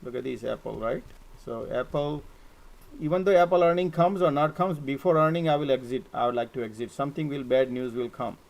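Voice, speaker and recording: A man hosting a casual stock market live stream, animated and repetitive, often checking "right?" with his viewers. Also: medium pitch, a little fast, gravelly, rough recording. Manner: animated, repeats words, frequent "right?" and "guys". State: coughing, choked up at times.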